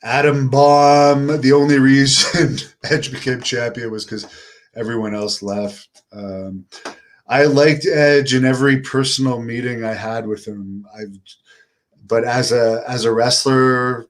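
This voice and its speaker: A middle-aged man from Canada chatting on his own live stream. He answers viewer questions in a relaxed, unhurried way, with a flat, unenthusiastic delivery, and he talks at a mid pitch typical for a man. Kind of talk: casual live-stream chat.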